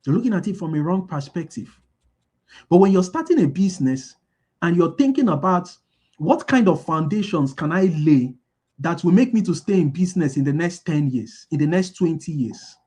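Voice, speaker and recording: High-voiced man repeating points for emphasis. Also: lively intonation, moderate pace, mellow, husky. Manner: repeats key lines for emphasis; asks the audience call-and-response questions. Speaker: business speaker. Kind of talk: motivational business talk.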